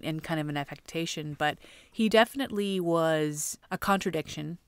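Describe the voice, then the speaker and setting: A young woman chats casually as a podcast co-host, her voice low-pitched and clear. She thinks out loud and stays playful. The sound is dry and close. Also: moderate pace, dry recording. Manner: playful, laughs easily, thinks aloud. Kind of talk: casual chat.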